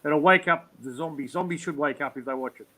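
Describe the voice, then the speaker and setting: A man's voice: fairly high pitch, fairly quick, bright, forceful tone. A man with a Maori New Zealand accent, chatting casually on a call as co-host and calling people "mate". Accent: Maori New Zealand English. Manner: laid-back, says "mate" a lot. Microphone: call audio.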